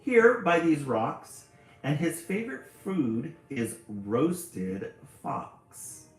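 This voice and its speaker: A bold little storybook mouse, read aloud by a man, rattling off warnings with a lively, bouncing pitch. The reading is unhurried and the room is echoey. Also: faint music behind, heavily acted.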